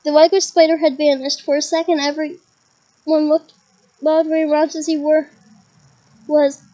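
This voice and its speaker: A woman reading a novel aloud in a lively way, with chuckles and side comments to listeners. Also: high-pitched, normal speed, lo-fi sound. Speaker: reader.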